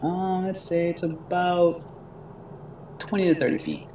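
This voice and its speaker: A man running a tabletop game as game master, narrating haltingly with many fillers and frequent laughs. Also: high-pitched, fairly even intonation, a little mellow, echoey room, recorded from a distance, slight background noise.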